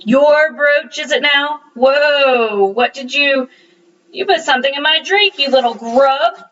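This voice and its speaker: A woman voicing a rough, suspicious man who drinks hard and talks in a gruff, accusing way, in a storybook reading. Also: high-pitched, slow, fairly bright tone, distant mic, dull audio, pitched above the performer's own voice. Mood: angry.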